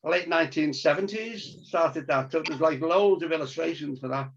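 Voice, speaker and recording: A man who works as an illustrator tells a long, chatty anecdote over a video call, acting out the voices of the people involved. His voice is fairly high, creaky, and slightly rough, at a moderate pace, and the call audio sounds dull and lo-fi.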